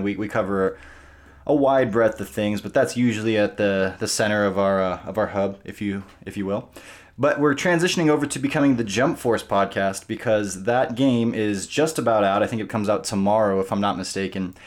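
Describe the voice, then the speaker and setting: A man hosting a gaming podcast, talking casually with rambling, animated energy. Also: on the low side, brisk. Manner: rambling, animated, restarts often. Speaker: podcast host.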